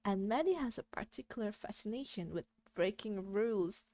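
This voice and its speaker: A woman's voice: mid-range voice, lively intonation, normal speed, dark tone, no echo, natural voice. A woman voicing a grumbling, world-weary old man while reading a visual novel aloud. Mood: dry. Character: grumbling old man in a dim cluttered den.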